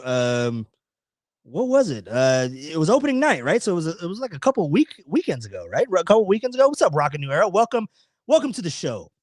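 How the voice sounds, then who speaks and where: A man hosting a live sports talk stream, telling a story in a rambling, animated way, swearing and restarting often. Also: a little high, dry recording, clean studio sound. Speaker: podcast host. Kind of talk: casual live-stream chat.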